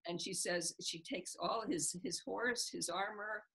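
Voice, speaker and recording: A woman's voice: mid-range voice, measured pace, breathy edge, poor audio. A woman author being interviewed, retelling a scene from a book and acting out its characters' lines. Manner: animated storyteller, acts out the characters' lines with a laugh.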